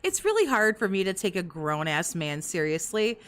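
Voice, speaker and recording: A woman's voice: mid-range voice, big pitch swings, normal speed, a bit bright, clear, resonant tone. A woman hosting casual commentary over stream clips, with crude, sarcastic heckling. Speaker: commentary host.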